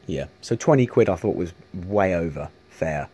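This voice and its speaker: Deep, mellow man rambling. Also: lively intonation, normal speed, breathy edge. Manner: rambling, many restarts and swearing. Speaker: vlogger showing arcade machines. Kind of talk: casual rambling chat to camera.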